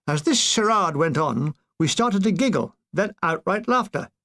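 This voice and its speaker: A man reads a comic war memoir with dry, deadpan timing. His voice sits a little high for a man. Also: normal speed. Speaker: audiobook reader.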